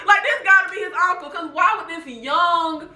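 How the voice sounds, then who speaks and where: A woman's voice: very high voice, moderate pace. A woman giving a casual TV show recap, laughing often and talking straight to her viewers. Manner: animated, laughs often, talks to viewers as "baby" and "y'all". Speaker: TV recap vlogger. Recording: echoey room.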